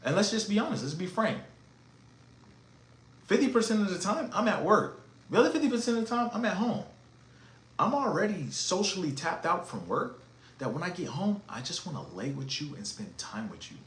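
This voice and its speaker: A man hosting a casual podcast monologue, talking in an emphatic, animated, slangy and preachy way. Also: high voice, normal speed. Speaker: podcast host. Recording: echoey room with faint ambience.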